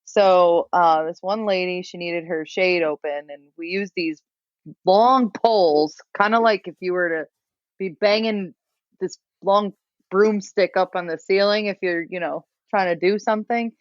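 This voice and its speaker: A woman's voice: lowish voice, measured pace, no room sound, muffled recording. A young woman, a podcast guest, telling a rambling self-mocking story and laughing often. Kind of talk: casual storytelling.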